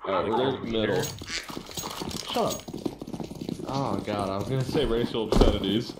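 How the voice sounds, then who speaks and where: A man trash-talking his teammates on gaming voice chat, swearing and teasing with sudden high exclamations. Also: moderate pace. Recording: echoey with loud background noise.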